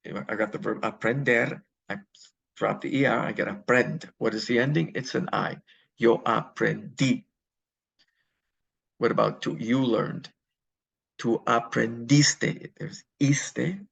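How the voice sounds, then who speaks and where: A man's voice: mid-range voice, vocal fry, a bit bright, slightly rough, poor audio. A man teaching a Spanish grammar lesson, explaining step by step and answering his own questions.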